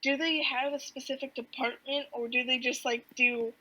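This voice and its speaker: A woman co-hosting a podcast in a casual chat, with a bright, clear tone and a voice a touch above the usual pitch. She laughs often and slips into playful voices for the characters she recaps. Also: flat delivery, normal speed, low-quality recording. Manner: giggly, acts out characters' lines. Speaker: podcast co-host.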